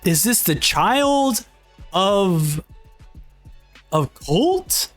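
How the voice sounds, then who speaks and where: A young man reacting to a manga as he reads it aloud, excitable and exclaiming often. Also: high-pitched, slow pace, soft background music.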